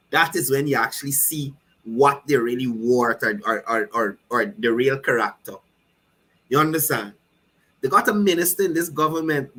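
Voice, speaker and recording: A man's voice: medium pitch, sharp tone, husky, rough recording. A man with a Guyanese accent giving fiery, mocking political commentary. He keeps repeating himself and asking the listener if they understand.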